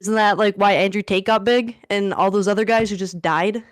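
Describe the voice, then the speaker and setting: A woman's voice: medium pitch, steady tone, a little fast. A woman in an online debate speaks casually and loosely, with lots of fillers. Her voice sounds dry and close, with no room echo. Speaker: debate contestant.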